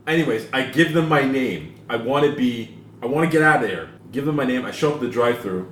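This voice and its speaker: A man's voice: medium pitch, fast talker, a bit bright. A man co-hosting a podcast, telling a profane, exasperated story in casual chat and putting on other people's voices. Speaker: podcast co-host. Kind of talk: casual chat, ranting anecdote. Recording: echoey room with faint noise.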